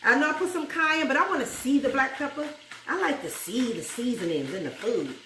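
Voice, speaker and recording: A cooking show host with a New York accent chats casually in her home kitchen as food fries, laughing often and breaking into gospel song. Her high-sitting voice is fairly bright, with lively intonation and a fairly quick pace. She is far from the mic, so the kitchen audio sounds roomy, with a little hiss or hum.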